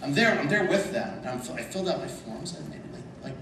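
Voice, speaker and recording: A man telling lively anecdotes to a convention panel audience, often laughing. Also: a little high, fast talker. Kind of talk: storytelling at a panel. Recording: echoey hall from far off, background noise.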